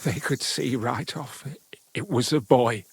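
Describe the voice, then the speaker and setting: An actor voicing a middle-aged village father in a medieval game, slow and brooding, grieving and bitter with angry bursts. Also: medium pitch, vocal fry, husky, exaggerated voice. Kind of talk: voiced game dialogue.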